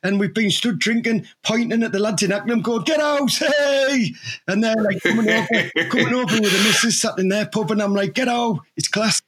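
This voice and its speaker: Teesside man co-hosting a chatty podcast, high, husky voice, rambling anecdotes. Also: fairly even intonation, fast talker, hardly any pauses, a bit bright. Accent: Teesside English. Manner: rambling anecdotes, acts out mock quotes. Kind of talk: casual banter.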